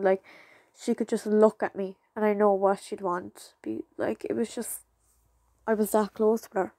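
Young woman, casual vlogger, rambling, teary, dry sound, middle pitch. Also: a little mellow, dry recording. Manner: rambling, halting, with many fillers and restarts. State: fighting back tears. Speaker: channel creator. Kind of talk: casual vlog talk to viewers.

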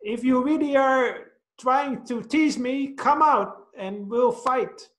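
A man voicing a small boy in a told story, in a raised childlike pitch. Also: animated, slow. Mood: angry. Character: small boy, upset then friendly. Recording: roomy echo.

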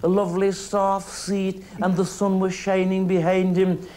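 Lilting Irish storyteller, higher voice. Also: male voice, monotone, unhurried, darkish tone. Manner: lilting, humorous, rhythmic. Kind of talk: traditional oral storytelling.

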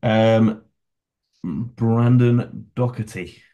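A man's voice: on the low side, extremely slow, warm tone, highs cut off. A young man co-hosting a casual podcast, laid back, mostly short reactions and reading out names. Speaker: podcast co-host. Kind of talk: casual chat.

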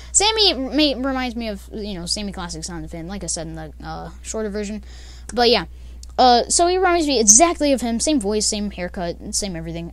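A woman's voice: medium pitch, a bit bright, dry recording. A young woman telling a casual storytime, rambling with many fillers and laughs. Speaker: vlogger.

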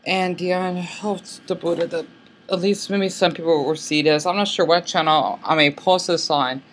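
Squeaky, hesitant young American man. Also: steady tone, normal speed. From United States. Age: late 20s. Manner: soft-spoken and hesitant, with many restarts and fillers. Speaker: vlogger. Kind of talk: casual vlog monologue. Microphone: laptop built-in mic.

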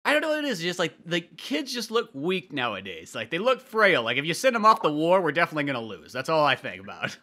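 A man co-hosting a casual movie podcast, animated and crude, often laughing. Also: fairly high pitch, fast talker, hardly any pauses. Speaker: podcast co-host.

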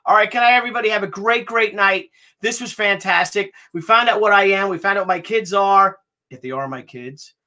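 A middle-aged man hosting a livestream, excitable and joking, repeating himself as he talks. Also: sits high, brisk. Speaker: livestream host. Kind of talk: casual livestream chat.

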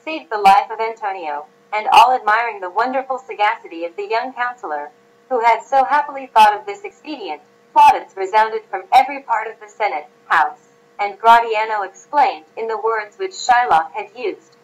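A woman's voice: a little high, expressive, moderate pace, low-quality recording. Woman narrating a classic story. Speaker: audiobook narrator.

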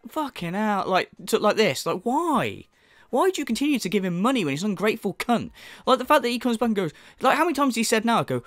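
A man's voice: high-pitched, huge pitch swings, a little fast, a bit bright, no echo, studio quality. A man ranting in sneering, profane commentary as a channel host.

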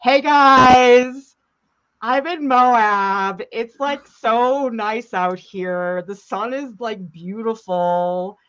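A woman imitating a breezy young woman who live-streams as she walks, with an airy, slow, drawling delivery. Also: a little high, a bit bright, clear, resonant tone, lo-fi sound, voice pushed up. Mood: dreamy.

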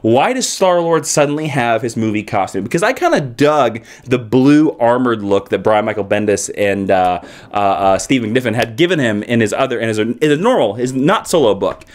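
A man's voice: medium pitch, animated, moderate pace. A man from Kansas who reviews comic books casually and enthusiastically, with swooping emphasis. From Kansas, United States.

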